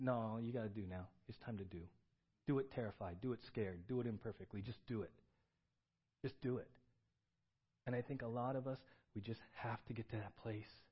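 A man preaching a sermon with animated swings between loud excited bursts and quiet earnest tones, reading scripture aloud. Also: medium pitch, lo-fi sound. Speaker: pastor.

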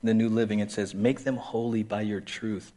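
A man's voice: fairly low pitch, little pitch movement, fairly quick, mellow. A man preaching a sermon as a pastor in a conversational way, repeating key phrases and acting out quoted voices.

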